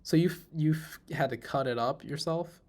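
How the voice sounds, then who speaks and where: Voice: mid-range voice, measured pace, a little mellow. A person in their twenties hosting a casual podcast chat, curious, asking lots of questions and laughing often. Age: 20s. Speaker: podcast host.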